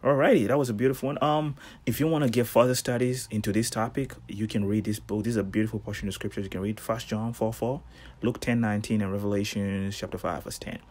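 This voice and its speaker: A man hosting a daily devotional, preaching in a casual, animated way with slangy asides. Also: on the low side, quick pace. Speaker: devotional host.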